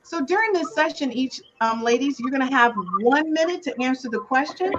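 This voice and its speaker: Woman, high voice, podcast host, brisk, muffled call audio, faint hiss. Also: lively intonation, fairly bright tone. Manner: brisk, moves guests along. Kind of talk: casual chat, game host.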